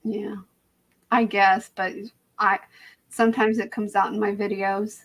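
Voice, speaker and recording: A woman's voice: medium pitch, little pitch movement, a little slow, a bit bright, poor audio. A young woman with a slight Southern accent chatting casually on a live stream, rambling, laughing often and trailing off mid-sentence. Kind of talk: casual chat.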